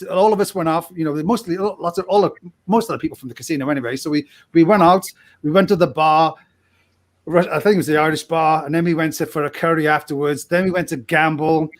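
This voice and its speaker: A young man, a podcast guest, telling a casual story in a rambling way and laughing often mid-sentence. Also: a little high.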